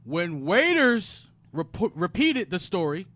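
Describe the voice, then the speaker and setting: A man reading a text aloud in a Bible class. He reads in a measured way, one short passage at a time. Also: sits high, sing-song, a bit bright, no echo.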